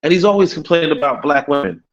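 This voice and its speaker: A Caribbean-born man co-hosting a casual talk show, rambling and animated, with many restarts and laughs. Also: a little high, fast talker, dull audio. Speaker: podcast co-host. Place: in Africa.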